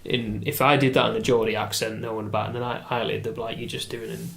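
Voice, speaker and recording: Animated man telling a story. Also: on the low side, quick pace. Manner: animated storytelling, lively asides. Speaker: podcast guest. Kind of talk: casual chat.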